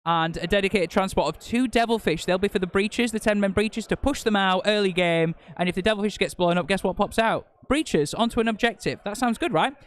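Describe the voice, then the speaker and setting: A man's voice: sits high, a little fast, hardly any pauses, smooth. A man co-commentating a live tabletop wargame stream, joking as he reels off army lists. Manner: jokey, reels off unit lists.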